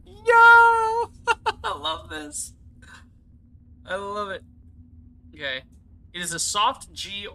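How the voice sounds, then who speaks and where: Excitable young American gamer, bright piercing tone, rambling casual commentary. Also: male voice, high voice, slow pace, vocal fry, pauses often, rough recording. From United States. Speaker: let's play YouTuber.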